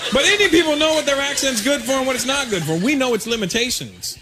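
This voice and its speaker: A male stand-up comedian performing a routine on stage, talking in an animated, conversational way and slipping into mock voices. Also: very high voice, quick pace. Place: comedy stage before a live audience. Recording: noisy live stage recording.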